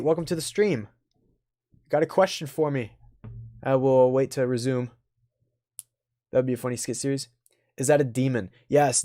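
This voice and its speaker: A man's voice: medium pitch, dark tone, no room sound. A young man chatting casually on a game livestream, joking with chat and muttering to himself as he plays. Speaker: game streamer.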